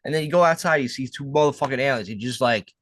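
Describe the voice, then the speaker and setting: A man's voice: mid-range voice, quick pace, a bit bright, dry recording. A young man co-hosting a podcast, musing and speculating in casual chat, swearing freely. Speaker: podcast co-host.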